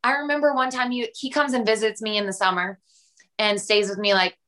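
A young woman guest on a podcast, talking earnestly and warmly in a casual conversation, laughing often and acting out little scenes. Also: medium pitch, fairly quick. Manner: warm, earnest, laughs often, animated retelling.

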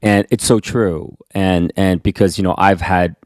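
A man's voice: sits low, unhurried, no room sound, studio quality. A man, a pastor, talking earnestly in a casual conversation, telling stories with many restarts. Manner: earnest, animated storyteller with frequent restarts.

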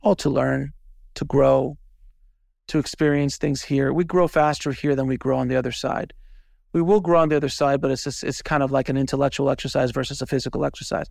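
A man's voice: mid-range voice, steady tone, brisk, gravelly, a little mellow, no echo, clean studio sound. A man talking in a podcast interview, telling stories animatedly and acting out quoted voices. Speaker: podcast host and filmmaker, guest. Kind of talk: casual interview talk.

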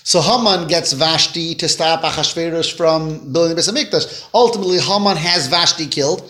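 A man teaching a Torah class to a small group, telling stories in an animated way with voiced quotes and Hebrew phrases. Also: on the high side, brisk. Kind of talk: informal class storytelling. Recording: echoey room.

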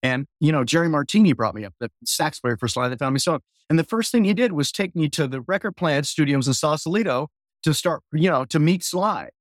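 A man in his sixties, a guest musician telling a story with lots of energy, acting out voices and humming bass lines. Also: expressive, fairly quick, no room sound, clean studio sound. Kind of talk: animated storytelling.

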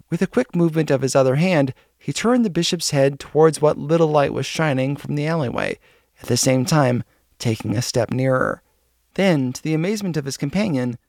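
Gravelly male storybook narrator. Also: on the high side, darkish tone, dry recording, clean studio sound. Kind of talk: storybook reading.

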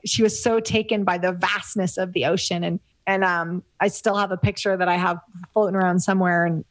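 A woman's voice: on the low side, dry recording. A middle-aged woman from the United States, a business coach being interviewed, talking candidly and reflectively with many fillers and restarts. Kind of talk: casual interview conversation.

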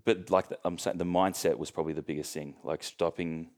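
A young Australian man chatting casually as a podcast guest, joking and relaxed, with lots of ums. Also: low-pitched, a little fast. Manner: joking, relaxed storytelling with fillers. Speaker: guest, professional bodybuilder.

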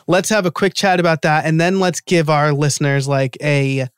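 A man's voice: fairly high pitch, level tone, moderate pace, clean tone, no echo, studio quality. A man from New York hosting a podcast, easygoing in casual chat as he steers the conversation. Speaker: podcast host. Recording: music playing under the voice.

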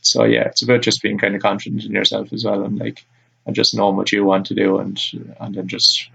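A young Irish man chatting casually as a podcast guest, relaxed and rambling with lots of fillers. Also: fairly low pitch, brisk, gravelly, slightly rough, low-quality recording. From Ireland. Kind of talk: casual chat.

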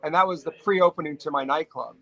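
A middle-aged man from New York spins stories as a podcast guest. His voice sits a little high for a man, and he talks in animated bursts, often restarting his sentences. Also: a little fast, no room sound, poor audio. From New York, USA. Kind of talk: casual storytelling interview.

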